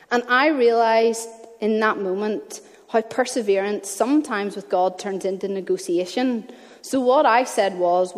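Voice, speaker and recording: A woman's voice: medium pitch, unhurried, darkish tone. Woman preaching in a reverberant hall. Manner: conversational, earnest, personal storytelling. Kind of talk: sermon. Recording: long reverb of a church hall.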